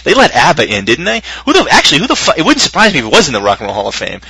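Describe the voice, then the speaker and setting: A man's voice: a little high, wildly swooping pitch, very fast, gravelly, sharp tone, husky, dry recording, rough recording. A man co-hosting a podcast, rambling and swearing casually and laughing often. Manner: profane, rambling, laughs a lot. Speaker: podcast co-host.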